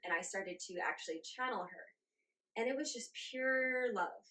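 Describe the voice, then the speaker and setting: A woman in her forties, a guest in an interview, telling her story in a lively way, laughing often and acting out her own reactions. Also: a little high, normal speed. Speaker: guest channeler.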